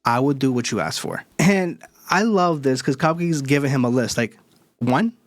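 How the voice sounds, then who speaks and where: Excitable man reviewing anime, dry sound. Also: mid-range voice, moderate pace, no echo. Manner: excitable, slangy, hype outbursts. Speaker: anime reviewer, channel host. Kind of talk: casual manga chapter review.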